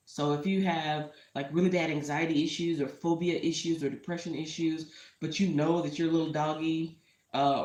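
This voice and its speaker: A woman's voice: low voice, darkish tone. Heartfelt rambling woman in an echoey room. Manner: rambling, heartfelt, drifts into asides. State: emotional. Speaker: entrepreneur vlogger. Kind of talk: casual talk to camera. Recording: roomy echo.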